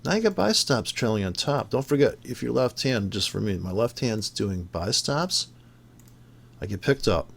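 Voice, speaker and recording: A man on a heated, swearing rant about trading, sarcastic and exasperated. His pitch swings widely, jumping between loud outbursts and low muttered asides. He has just woken up irritated and sounds it. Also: animated, normal speed, vocal fry. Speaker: forex trading vlogger. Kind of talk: profane ranting commentary over charts.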